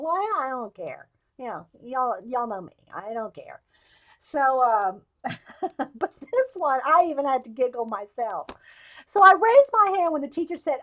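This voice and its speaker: A chatty woman in her late fifties hosts a live stream, her voice sitting noticeably high. She wanders off on tangents, laughs often at herself, and talks to her viewers as if they were old friends. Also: big pitch swings, moderate pace, fairly bright tone. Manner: rambling, digressive storytelling with frequent laughs. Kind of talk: casual live chat.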